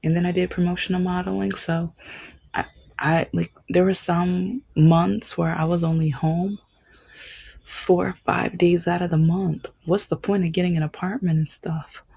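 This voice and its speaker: A young adult woman hosting a podcast, telling a personal story in a halting way, with many restarts and whispered stretches. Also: fairly low pitch, little pitch movement, creaky, darkish tone, slightly rough. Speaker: podcast host.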